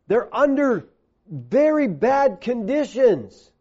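High-voiced emphatic male preacher, lo-fi. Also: very animated, slow, dark tone, breathy edge. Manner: emphatic, reads scripture aloud in lower voice. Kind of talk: sermon. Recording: dull lo-fi recording.

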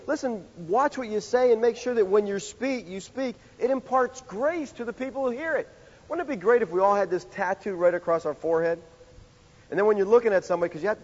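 A male pastor preaching a sermon in a conversational, animated way, full of rhetorical questions. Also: sits high, breathy edge. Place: church sanctuary. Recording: dull sound with long hall reverb.

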